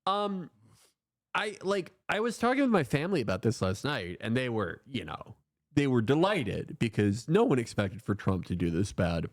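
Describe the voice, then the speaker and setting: A man's voice: medium pitch, very animated, moderate pace, no room sound, clean studio sound. A man co-hosting a stream, chatting casually and sarcastically with rambling restarts. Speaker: stream co-host. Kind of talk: casual comedic chat.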